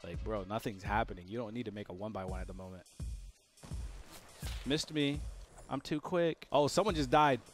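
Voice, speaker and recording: A man commentating his own gameplay as a gaming YouTuber, excitable and full of joking trash talk. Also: lowish voice, normal speed, long pauses, soft background music.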